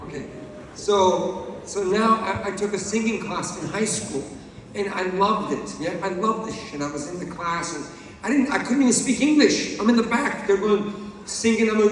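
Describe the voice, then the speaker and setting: Brief: stand-up comic from Iran, high voice, animated storyteller, live hall with long echo. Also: male voice, normal speed, a little hiss or hum. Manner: animated storytelling, bursts of sung and shouted bits. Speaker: stand-up comedian. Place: theatre stage. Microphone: handheld mic. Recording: echoey hall from far off.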